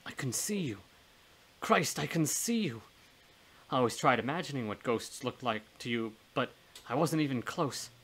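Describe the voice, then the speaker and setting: A man voicing a brooding, weary man who has lost his sight, talking in a halting, earnest way in a storybook reading. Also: mid-range voice, a bit bright, natural voice. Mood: moved. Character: brooding blinded man, weary, self-pitying.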